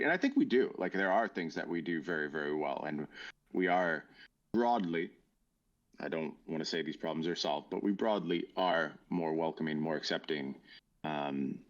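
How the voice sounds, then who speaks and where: A man in casual podcast chat, speaking in an earnest, thoughtful and halting way. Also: low voice. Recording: dull lo-fi audio.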